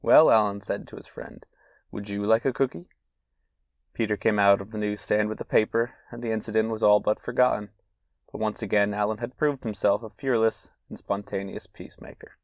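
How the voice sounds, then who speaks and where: A man's voice: on the low side, flat delivery, brisk, no echo. A man hosting a solo podcast, reading old letters and anecdotes aloud with casual asides and fillers. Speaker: podcast host.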